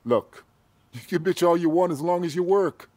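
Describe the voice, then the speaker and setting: An actor voicing a gruff, no-nonsense farm boss handing out pay in a video game. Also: male voice, on the high side, normal speed, a little mellow, no room sound, lightly acted. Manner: blunt, businesslike.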